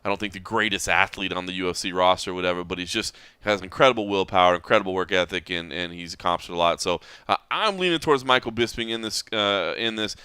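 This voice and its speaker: A man's voice: deep voice, quick pace, few pauses, bright, forceful tone, clear, resonant tone, dry recording. A man hosting a podcast, chatting casually and laughing as he wanders between points. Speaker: podcast host.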